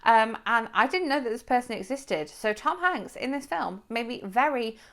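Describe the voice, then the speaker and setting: A woman's voice: on the high side, expressive, normal speed, a bit bright. Chatty woman reviewing a film. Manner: chatty, rambling with fillers and self-corrections. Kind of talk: casual spoken movie review.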